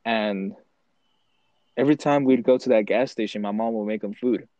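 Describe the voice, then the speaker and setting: A young man co-hosting a casual podcast, telling stories in a relaxed way with lots of "like". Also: lowish voice, moderate pace, dry recording, low-quality recording. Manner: relaxed storytelling with many "like" fillers. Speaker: podcast co-host. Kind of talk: casual chat.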